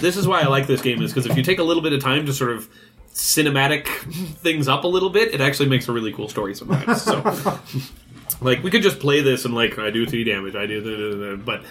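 A man's voice: medium pitch, animated, quick pace, a bit bright. A man running a tabletop card game, narrating the action cinematically and laughing often. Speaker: game master.

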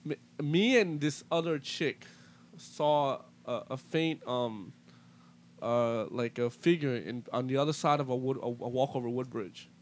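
A young man in casual chat, telling a ghost story in a halting way with many restarts. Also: a little hiss or hum. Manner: halting, full of restarts and fillers, low-key.

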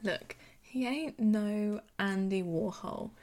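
A British woman co-hosting a podcast, chatting casually and laughing often. She retells scenes in a lively, animated way. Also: mid-range voice, slow. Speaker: podcast co-host. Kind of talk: casual chat.

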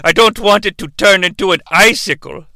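A man voicing a lecherous, ancient male elf who talks slowly and leers. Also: sits high, bright, forceful tone, no echo, heavily acted. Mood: leering. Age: very old figure.

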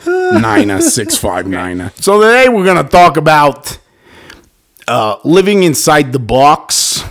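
A man hosting a podcast, joking around and laughing between his lines. His voice is gravelly and swings widely in pitch. He talks slowly and loosely. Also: sing-song, a bit bright. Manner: joking, playful, laughs often. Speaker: podcast host. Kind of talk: casual chat.

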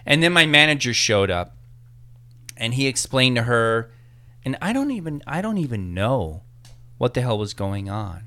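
A man spins an anecdote in relaxed conversation, lively and slipping into other people's voices. His tone is bright and forward, and his words come out clear and crisp. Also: medium pitch, normal speed. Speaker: podcast guest telling a story. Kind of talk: casual storytelling.

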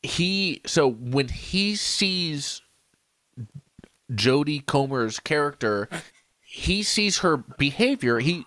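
A man's voice: on the high side, a bit bright, no echo. A man co-hosting a podcast in casual chat, rambling, laughing and hiccuping after drinking. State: hiccuping, drunk. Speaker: podcast co-host.

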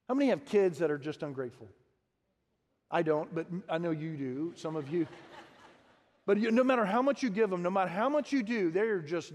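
High-voiced man preaching in echoing hall. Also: normal speed. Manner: animated, acting out quotes and asking the congregation questions. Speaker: pastor. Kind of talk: sermon. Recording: long reverb of a large hall.

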